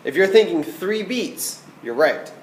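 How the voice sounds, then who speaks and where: A man's voice: high voice, expressive, measured pace, echoey room, a little hiss or hum, poor audio. A man teaching a recorded flute lesson, patient and checking in with "okay?" as he explains. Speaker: band teacher.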